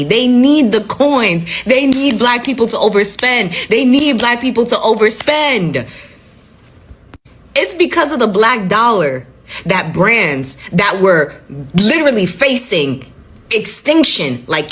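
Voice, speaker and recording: Animated, profane woman commentator. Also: on the high side, breathy edge. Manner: blunt, profane, animated storytelling. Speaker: commentary host. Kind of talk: casual commentary.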